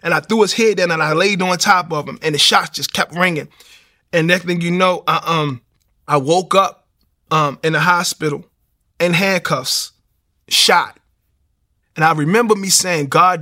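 A man telling his personal testimony in an animated street style, acting out the voices. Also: on the high side, normal speed, pauses often. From Baltimore, USA. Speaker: speaker giving a testimony.

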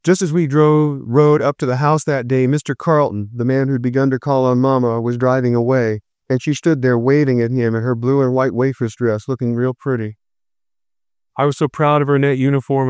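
A man narrating a first-person story in a steady, reflective read. His voice is smooth and clear, and the recording is dry and close. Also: mid-range voice, brisk, no room sound. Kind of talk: scripted narration.

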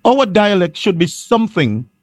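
Male host, high voice, dry close sound; insistent, repeats when interrupted. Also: big pitch swings, normal speed, no echo. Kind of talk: panel discussion.

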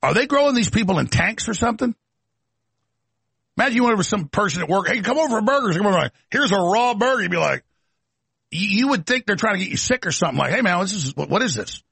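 A man's voice: high-pitched, vocal fry, sharp tone, slightly rough, no room sound. A man hosting a talk show, delivering an emphatic, mocking ranting monologue. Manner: emphatic, rapid-fire, mocking.

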